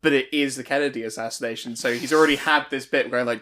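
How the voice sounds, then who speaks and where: A young man in his twenties co-hosting a podcast, chatting excitably and restarting sentences. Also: medium pitch, fast talker. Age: 20s. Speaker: podcast co-host. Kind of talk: casual comedic chat.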